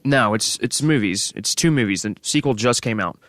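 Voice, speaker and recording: A man's voice: lowish voice, normal speed, fairly bright tone. A man in a casual podcast chat, asking a hesitant, rambling question. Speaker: podcast co-host.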